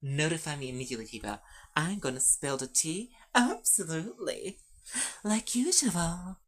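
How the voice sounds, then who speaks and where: A woman voicing a glamorous, sassy trans woman diva who gushes in excited slang. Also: sits low, normal speed. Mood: gushing.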